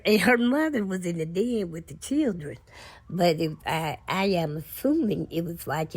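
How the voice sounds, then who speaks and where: A woman's voice: lowish voice, a little mellow. A woman, a vlogger telling heartfelt family stories to camera in a casual, folksy way. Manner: heartfelt, folksy, unhurried storytelling. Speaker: vlogger and author.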